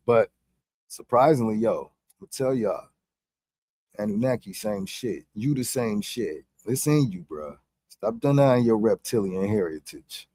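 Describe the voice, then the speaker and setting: Male vlogger: casual, profane, slangy rambling, lively pitch swings. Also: measured pace, no echo, studio quality. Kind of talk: casual spiritual monologue.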